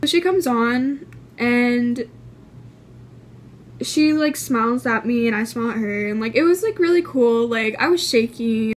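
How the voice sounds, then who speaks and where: A woman's voice: on the high side, a little slow, a little hiss or hum. A woman from California telling a storytime vlog, rambling with lots of fillers and casual swearing. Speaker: vlogger.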